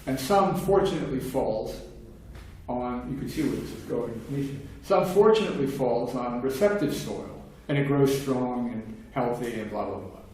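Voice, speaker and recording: A man's voice: medium pitch, a little slow, a little mellow. Older man lecturing in an echoey room. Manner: discursive, many restarts and fillers, acts out quoted voices. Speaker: philosophy lecturer. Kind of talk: seminar talk. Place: seminar room. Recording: very echoey room, distant mic, faint hiss.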